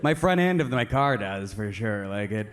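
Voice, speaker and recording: A man's voice: on the low side, animated, moderate pace. A Canadian man doing live stand-up comedy for a seated audience, rambling and full of fillers and restarts.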